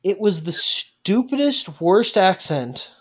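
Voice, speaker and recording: An animated woman riffs on a movie in casual podcast chat. Her voice sits at an ordinary middle pitch, and she laughs and rants freely. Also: slow pace, husky. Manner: animated, ranting, laughs often. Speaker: podcast co-host.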